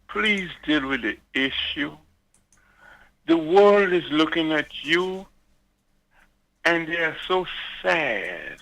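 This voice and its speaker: Older man, radio caller, very slow, bright voice, pleading. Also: a little high, lively intonation, poor audio. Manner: earnest, pleading, repeats "sir". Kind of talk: pleading call-in remarks.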